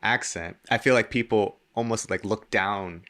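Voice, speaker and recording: Bright-voiced male interview host. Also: on the low side, normal speed. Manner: relaxed, conversational, asks questions in English and Japanese. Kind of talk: casual interview chat.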